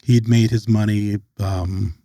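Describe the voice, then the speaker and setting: A man's voice: on the low side, slow, no echo. A middle-aged man from the United States, a podcast guest recounting a personal story and acting out the lines of the people in it. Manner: animated storyteller who acts out quoted dialogue.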